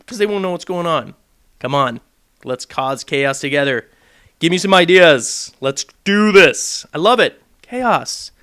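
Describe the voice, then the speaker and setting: A man's voice: high-pitched, animated, brisk, fairly bright tone. A young man hosting a gaming vlog, ranting to camera in a brash, provocative, jokey way. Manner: brash, provocative and jokey, mocking voices in quotes.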